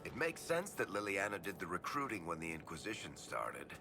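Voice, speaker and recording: A gruff, dry-witted fantasy game companion with a very deep voice that swings widely in pitch. His remarks come out sarcastic and deadpan. Game music sounds clearly behind him. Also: fairly quick, exaggerated voice.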